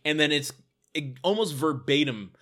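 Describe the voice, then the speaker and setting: A man's voice: a little high, animated, normal speed, sharp tone. A man co-hosting a podcast, chatting casually about a sitcom episode, laughing often and trailing off with fillers. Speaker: podcast co-host.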